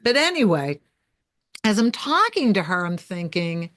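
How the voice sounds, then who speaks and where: A woman hosting a casual chat, asking probing questions and reflecting out loud, with an expressive delivery. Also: medium pitch, a little slow. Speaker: host.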